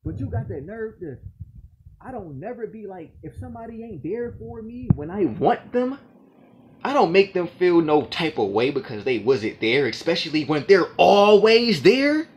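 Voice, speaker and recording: A man's voice: sits high, big pitch swings, normal speed, background noise. A man in an aggrieved, profane monologue to the camera, repeating his points as he rants. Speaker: vlogger.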